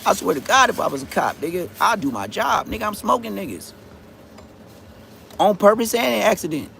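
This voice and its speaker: A man ranting on a livestream in a loud, combative way, with heavy profane street slang. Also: sits high, sing-song, brisk, gravelly, a little hiss or hum. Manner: loud, swooping, combative delivery. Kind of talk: heated livestream rant.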